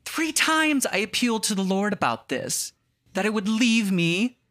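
A man's voice: sits high, big pitch swings, moderate pace, pushed and bright, no room sound, pitched above the performer's own voice, heavily acted. A man putting on the voice of a self-pitying male apostle, whining and drawing out his words. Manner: whiny and nasal, drawn out.

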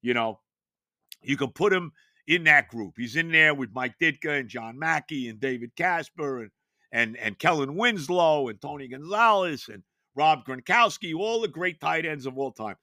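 Bright, emphatic older sports-talk host. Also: male voice, fairly high pitch, normal speed, no echo, studio quality. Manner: animated, emphatic rhetorical questions. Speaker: podcast host.

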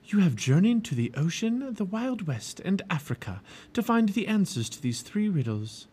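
A man voicing a calm, wise enchantress in a storybook reading, speaking softly and soothingly. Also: sits high, moderate pace, husky, voice pushed up, full character voice. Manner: soft, soothing and stately.

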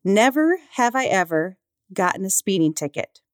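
A woman co-hosting a podcast, asking questions in a friendly, steady, casual way. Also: medium pitch, normal speed, no room sound, clean studio sound. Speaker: podcast co-host.

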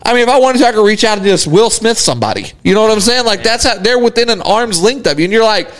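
A man's voice: sits high, fast talker. A man co-hosting a podcast, telling a story in casual chat, laughing and swearing freely. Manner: animated, laughs hard while telling stories, swears. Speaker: podcast co-host.

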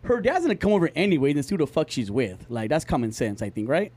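A man's voice: fairly high pitch, very animated, fast talker, darkish tone. A man telling a long story in casual podcast chat, rambling and profane, with many fillers. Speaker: podcast co-host.

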